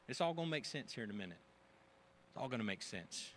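A man's voice: a little high, animated, a little fast, a bit bright. A man preaching a sermon to a congregation, joking and acting out gossiping voices as he tells the story. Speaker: pastor.

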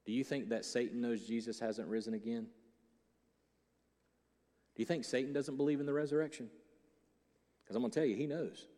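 A man preaching a sermon as a pastor, joking and animated, dropping from loud punchlines into hushed, slow reflection. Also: mid-range voice, big-room sound.

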